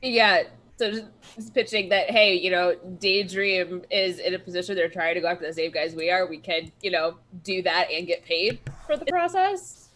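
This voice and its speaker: A woman playing in a tabletop role-playing game, chatty and quick to laugh. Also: fairly low pitch, fairly bright tone, slight background noise. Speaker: player. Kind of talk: casual tabletop role-play.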